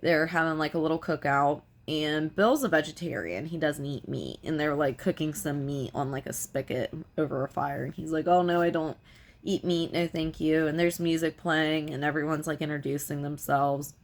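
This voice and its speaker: Low-voiced woman recapping a film. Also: steady tone, moderate pace, hardly any pauses. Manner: rambling retelling full of "like" and "you know". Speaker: film reviewer. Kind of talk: casual film review recap.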